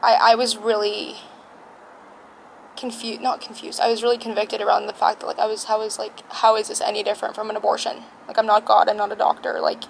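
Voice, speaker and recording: A young woman telling a personal story alone, speaking softly and haltingly, tearful at times. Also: medium pitch, monotone, vocal fry, slight background noise, low-quality recording. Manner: soft, halting, emotional. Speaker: vlogger. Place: alone in a quiet room.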